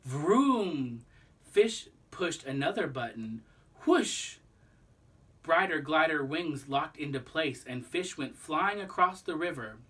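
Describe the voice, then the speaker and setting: A man reading a children's book aloud, pausing to explain the lesson to young listeners. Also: a little high, expressive, pushed and bright, husky, recorded from a distance. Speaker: storybook reader.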